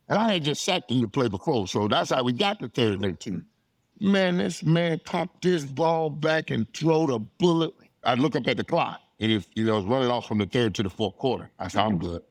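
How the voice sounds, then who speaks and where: A middle-aged man with a drawl spins animated stories, slipping into other people's voices and laughing as he goes. His voice sits at an ordinary pitch. He is recorded on a dry, close mic. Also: no echo. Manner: animated, laughs often, acts out quotes. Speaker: guest, former football player. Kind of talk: casual storytelling.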